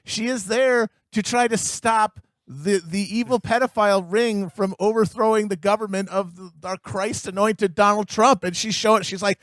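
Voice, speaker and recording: A man co-hosts a comedic podcast, talking in a rambling, riffing and mocking way. His voice sits fairly high and is captured on a close, dry microphone. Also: fairly even intonation, normal speed, hardly any pauses, fairly bright tone, no room sound. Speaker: podcast co-host. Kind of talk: casual comedic podcast chat.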